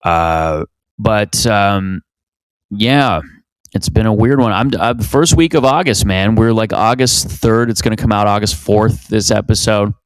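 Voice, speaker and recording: A man in his thirties from Canada rambles through a solo comedy podcast, swearing freely and poking fun at himself. His voice sits low and sounds close and dry, with no room around it. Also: unhurried, clear, resonant tone, no echo. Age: 30s. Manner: rambling, profane, self-mocking. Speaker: podcast host.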